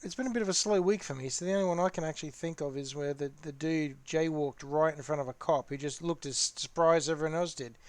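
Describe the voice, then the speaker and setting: A man rambles casually to his live-stream viewers while he paints models. His voice sits a little high for a man. The sound is dry, with no room echo. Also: fast, few pauses. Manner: rambling, chatty, talks to the chat. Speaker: streamer hosting a hobby chat.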